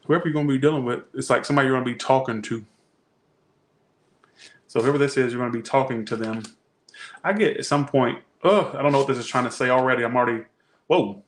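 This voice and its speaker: A man's voice: mid-range voice, quick pace, pauses often. A man doing a casual tarot reading, chatty and rambling, slangy and often breaking off mid-thought. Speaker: tarot reader.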